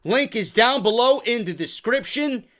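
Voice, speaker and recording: A man's voice: very high-pitched, animated, a little slow, a bit bright. A tired man hosting a wrestling podcast, ranting and cursing in exasperation. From New York. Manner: exasperated, swears constantly. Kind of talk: profane ranting commentary.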